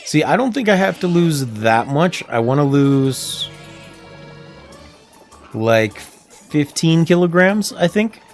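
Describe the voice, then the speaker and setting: A man's voice: a little high, slow, long pauses, soft background music. Chatty Canadian man streaming a game. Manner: chatty, laughs often, animated storytelling. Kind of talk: casual gameplay livestream chat.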